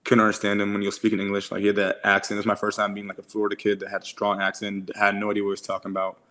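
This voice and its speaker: A young man in his twenties with a lowish voice co-hosts a casual podcast. He rattles through stories quickly in a flat tone, slangy and profane, leaning on "like" constantly. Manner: slangy, profane storytelling with many "like"s. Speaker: podcast co-host. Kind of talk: casual chat.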